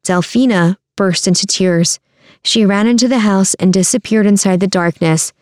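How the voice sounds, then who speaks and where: A woman narrating a storybook in a steady, measured reading voice. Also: mid-range voice, no echo, clean studio sound.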